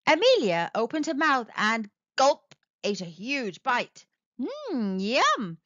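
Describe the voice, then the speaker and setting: Storyteller: woman reading aloud to kids, high and very animated, unhurried, dull dry sound. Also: no echo. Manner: expressive, sing-song, speaking to kids. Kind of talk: children's read-aloud narration.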